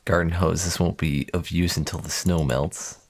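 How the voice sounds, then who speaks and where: A man's voice: low-pitched, fairly even intonation, normal speed. A young man livestreaming a game, reading its text aloud with playful, profane asides. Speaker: streamer. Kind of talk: casual gaming commentary.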